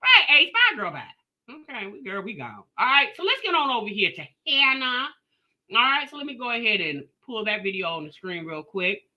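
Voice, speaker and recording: A woman's voice: fairly high pitch, normal speed. A woman hosting a casual reaction live stream, talking sassily and straight to her viewers as she reads out the chat. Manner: animated, sassy, talks straight to her chat. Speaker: live-stream commentary host.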